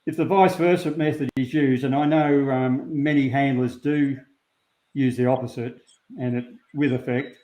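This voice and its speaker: A man's voice: mid-range voice, fairly even intonation, dark tone. An Australian man, a sheepdog handler, talking unhurriedly as an interview guest with plenty of ums. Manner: unhurried, plain-spoken, many ums. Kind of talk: relaxed interview talk. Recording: roomy, dull lo-fi sound.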